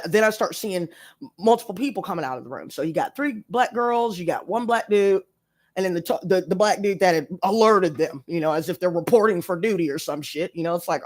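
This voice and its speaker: A woman's voice: on the low side, animated, brisk. A woman telling a story to her live-stream audience in casual chat, emphatic and profane as she rants. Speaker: tarot reader live-streaming.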